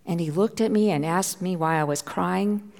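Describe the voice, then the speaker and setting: A woman's voice: lowish voice, normal speed, creaky, a little mellow, in a large hall. A middle-aged woman pastor preaching a sermon, telling a personal story with heartfelt feeling and sometimes dropping to a near whisper. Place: church.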